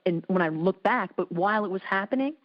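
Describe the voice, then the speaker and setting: A woman hosting an interview show, telling a lively story and acting out the voices in it. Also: fast talker, dull audio. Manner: animated storyteller, acts out quotes with big pitch jumps. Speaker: host. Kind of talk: casual conversational interview.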